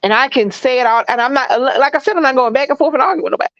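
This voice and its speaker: A woman's voice: high voice, rapid-fire, no room sound, lo-fi sound. A woman with a Southern accent co-hosting a casual live stream, talking bluntly and emphatically, often repeating herself. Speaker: co-host.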